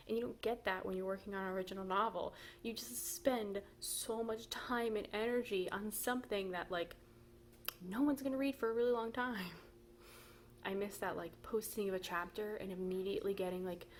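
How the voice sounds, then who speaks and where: A woman's voice: medium pitch, a little hiss or hum. A young woman chatting casually at home in a vlog about writing her novel, rambling with lots of "like" and small laughs. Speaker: writer vlogging her novel progress.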